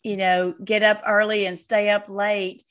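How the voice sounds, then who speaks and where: A woman's voice: mid-range voice, little pitch movement, measured pace, a bit bright. A woman in casual conversation about faith, talking with many fillers and restarts as she gathers her thoughts.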